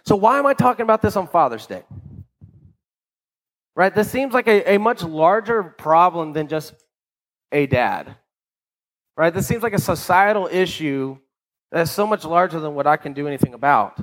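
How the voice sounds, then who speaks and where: A man's voice: fairly high pitch, lively intonation, moderate pace, long pauses, a bit bright, low-quality recording. A man preaching a sermon in a conversational way, often checking in with his listeners and repeating words as he restarts. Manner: conversational, keeps asking "right?". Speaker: pastor.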